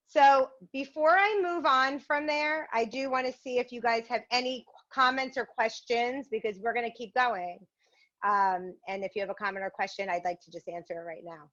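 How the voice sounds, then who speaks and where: A woman's voice: mid-range voice, a bit bright. A woman leading a virtual yoga and mindfulness class, guiding poses and a game in an upbeat, encouraging way. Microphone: video call. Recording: muffled video-call audio.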